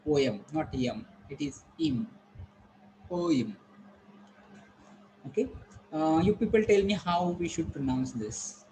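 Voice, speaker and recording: A male teacher giving a classroom pronunciation lesson, patiently repeating words slowly and quizzing the class. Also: on the high side, sing-song, dark tone, a little hiss or hum, low-quality recording. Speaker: English teacher.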